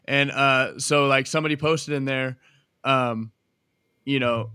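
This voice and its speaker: A man's voice: mid-range voice, flat delivery, moderate pace, pushed and bright, clear, resonant tone, no room sound, studio quality. A man co-hosting a podcast, rambling and profane and often restarting his sentences. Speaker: podcast co-host. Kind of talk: crude casual podcast banter.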